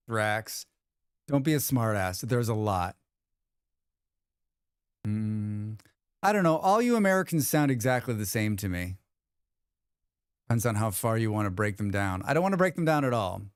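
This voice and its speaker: A man hosting a livestream, talking off the cuff to chat and joking as he goes. His voice is clear and resonant, pitched a little high. The recording is dry and close, with no room sound. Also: no room sound. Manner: rambling, joking, restarts a lot. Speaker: livestream host. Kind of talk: casual chat reading viewer comments.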